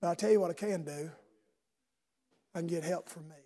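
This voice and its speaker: During a church service, a man preaches briskly, swinging between loud shouting and low, intimate speech. He fires rhetorical questions at listeners, calling them by name.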